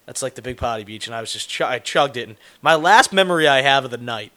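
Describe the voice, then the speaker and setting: A man's voice: mid-range voice, lively intonation, quick pace, fairly bright tone. A man telling a rambling, profane, self-mocking story in casual chat, laughing as he goes.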